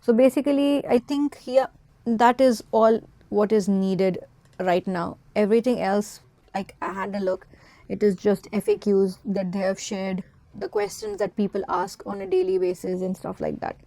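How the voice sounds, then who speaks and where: A woman gives an exam-prep lesson, explaining scoring step by step and running through lists in a steady teaching rhythm. Her voice is mellow and warm rather than bright. The sound is dry and close, with no room echo. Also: medium pitch, normal speed, gravelly. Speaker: English test tutor.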